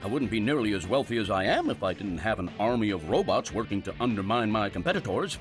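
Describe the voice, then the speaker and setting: A man's voice: lowish voice, animated, fast, lightly acted. An actor voicing a smug, boastful male inventor in an adult cartoon. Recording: cartoon dialogue over music.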